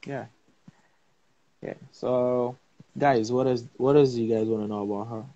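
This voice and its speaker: A man hosting a casual live-stream interview, playful and lively, often repeating words. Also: mid-range voice, unhurried, highs cut off. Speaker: interview host.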